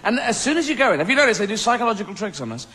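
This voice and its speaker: A man's voice: sits high, very animated, rapid-fire, pushed and bright. An English man doing rambling, playful stand-up comedy on stage, slipping in and out of silly voices. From England. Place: stage in front of an audience.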